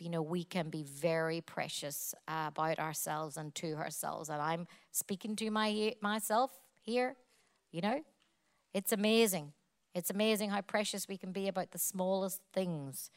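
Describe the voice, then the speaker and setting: A woman's voice: fairly low pitch, unhurried. A woman preaching a sermon, emphatic and repetitive, building her points in long spoken lists.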